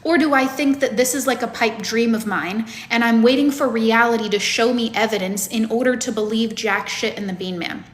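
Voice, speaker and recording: A woman's voice: on the high side, brisk, few pauses, echoey room. A woman coach giving a lecture to her students, blunt and emphatic, with plenty of swearing. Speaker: manifestation coach.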